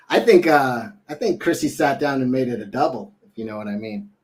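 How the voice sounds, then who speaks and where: A young adult male co-host talks at medium pitch and normal speed on a casual talk show. His chat rambles with many fillers, and he tells jokes in put-on voices.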